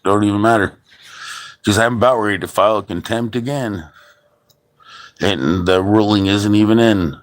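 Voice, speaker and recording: An adult father rants angrily in a heavily profane monologue, often restarting his sentences. His voice sits fairly low, moving at normal speed with long pauses.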